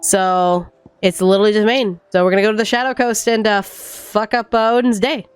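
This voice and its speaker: A woman streamer giving casual, foul-mouthed commentary while playing a game, animated and arguing with the characters. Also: mid-range voice, fairly quick, clear, resonant tone, faint music behind. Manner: animated, profane, argues with the characters.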